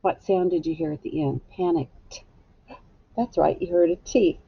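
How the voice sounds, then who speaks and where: A woman teacher giving a slow, patient phonics lesson to young children, spelling words out letter by letter. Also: lowish voice, slightly rough. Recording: dull lo-fi home video sound.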